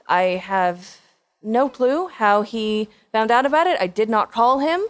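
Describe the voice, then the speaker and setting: A woman comedian telling a personal story with dramatic pauses and self-deprecating humor. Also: mid-range voice.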